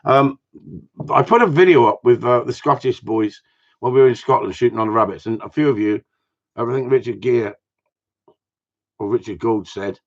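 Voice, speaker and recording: The speaker, a man from Cornwall, England, is a gundog trainer offering blunt, plain-spoken and jokey answers to viewers in a casual live talk. He speaks at medium pitch and a moderate pace with long pauses, over dull lo-fi sound.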